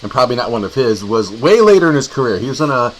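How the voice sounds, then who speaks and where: A man's voice: medium pitch, big pitch swings, fast, low-quality recording. A man co-hosting a horror movie show, chatting casually and joking while snacking. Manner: jokey, rambling, trails off mid-sentence. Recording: faint background noise.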